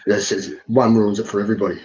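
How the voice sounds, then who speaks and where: Man, co-host, casual, agreeing, rapid speech, muffled lo-fi recording. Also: lowish voice, flat delivery, darkish tone, slightly rough. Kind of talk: casual political chat. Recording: dull lo-fi recording.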